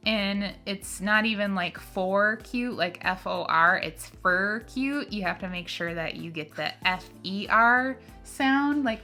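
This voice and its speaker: A woman's voice: medium pitch, measured pace, few pauses, bright, forceful tone, faint music behind. A woman with a Minnesotan accent, co-hosting a casual chat with her husband, talking easily with frequent laughs and fillers. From Minnesota, United States. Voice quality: nasal. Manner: giggly, chatty, lots of fillers. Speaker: co-host.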